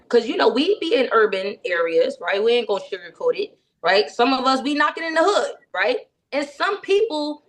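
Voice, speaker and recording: A woman leading a sales training session, coaching in a lively way and checking in with her listeners again and again. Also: mid-range voice.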